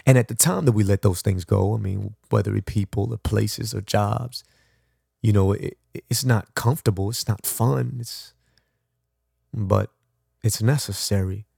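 A man's voice: on the low side, steady tone, normal speed, creaky, dark tone, husky, no room sound, clean studio sound. A man hosting a podcast, giving a reflective motivational monologue in a conversational, rambling way with frequent restarts. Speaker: podcast host.

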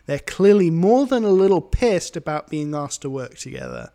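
A man's voice: a little high, wildly swooping pitch, moderate pace, few pauses, dark tone. A British man hosting a casual podcast chat, recapping a movie in a rambling, filler-heavy way. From Britain. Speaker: podcast host.

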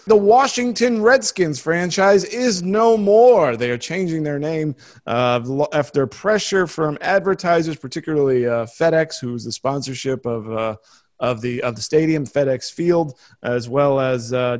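An American man hosting a podcast, rambling in casual chat with many restarts and quick laughs. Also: on the high side, darkish tone. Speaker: podcast host.

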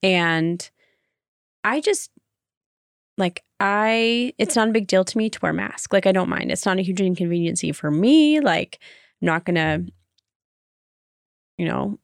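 A woman with a low, gravelly voice chats casually on a podcast. She talks hesitantly and often restarts her sentences, and the sound is dry. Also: dry recording. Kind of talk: casual chat.

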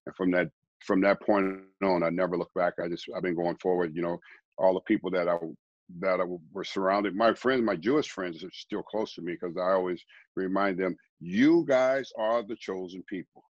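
A middle-aged man, a guest preacher, telling his life story in a rambling, quiet way, often repeating words. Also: low-pitched, steady tone, fairly quick, dry recording, highs cut off. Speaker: guest, former baseball player turned preacher. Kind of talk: conversational storytelling.

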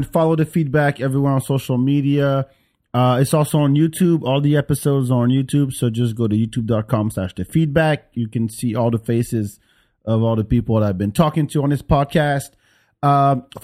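A man hosting a casual podcast chat, speaking with an African French accent, relaxed and quick to laugh. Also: medium pitch. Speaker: podcast host.

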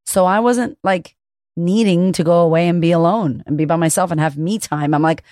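A woman, a confidence coach hosting her own podcast, talking solo in a high-energy, chatty way and swearing casually. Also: moderate pace, a little mellow, no room sound, studio quality.

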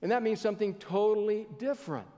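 A man's voice: high-pitched, fast, warm tone. A man preaching a sermon as pastor, in a folksy storytelling manner that draws the congregation in, on a stage mic in a church sanctuary. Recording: long church hall reverb.

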